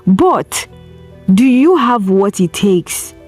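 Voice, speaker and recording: A woman's voice: medium pitch, big pitch swings, takes it slowly, a little mellow, faint music behind. A woman with a Nigerian accent hosting an advice podcast, speaking earnestly and piling up rhetorical questions. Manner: earnest, preachy, asks strings of rhetorical questions. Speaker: podcast host. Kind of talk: solo advice talk.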